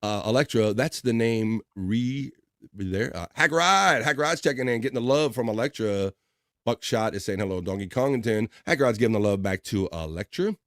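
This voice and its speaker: A man's voice: on the low side, lively intonation, moderate pace, fairly bright tone, no room sound, studio quality. A man hosting a casual livestream, reading viewer comments aloud and joking along, laughing often. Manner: jokey, laughs often, reads chat aloud. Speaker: livestream host.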